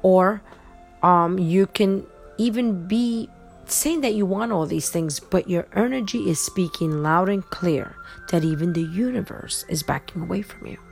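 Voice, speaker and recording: Gravelly-voiced woman, insistent podcast host. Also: fairly low pitch, a little slow, soft background music. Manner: earnest, insistent and repetitive. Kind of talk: motivational monologue. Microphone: podcast microphone.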